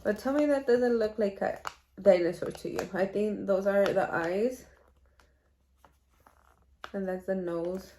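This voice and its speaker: A woman's voice: mid-range voice, a little slow, long pauses, warm tone, a little hiss or hum. A young woman vlogger telling a personal story in a casual, chatty way, laughing often and slipping in Spanish phrases.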